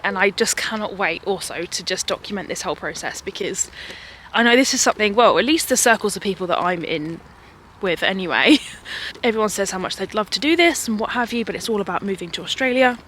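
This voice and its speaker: A woman's voice: mid-range voice, a bit bright, a little hiss or hum. A young woman vlogging outdoors in a park, chatty and rambling, a little out of breath and laughing often. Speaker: vlogger and mother. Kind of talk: casual chatty vlog.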